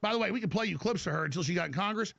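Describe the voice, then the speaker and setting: High, gravelly ranting man. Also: expressive, racing, fairly bright tone, no echo. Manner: ranting, stammering restarts. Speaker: talk show host. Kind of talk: heated political monologue. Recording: dull lo-fi broadcast audio.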